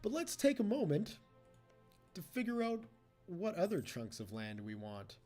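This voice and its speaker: A man's voice: high-pitched, huge pitch swings, measured pace, warm tone, soft background music. A man giving casual gameplay commentary as a let's play host, chatty and teasing the computer opponents.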